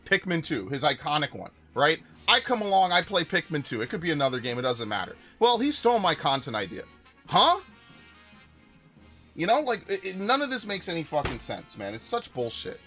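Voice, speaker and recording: A man's voice: on the high side, very animated, brisk, few pauses, pushed and bright. Male game streamer, angry profane rant, tense raised voice, faint music under him. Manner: angry profane ranting with repeated restarts. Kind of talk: live gameplay stream commentary.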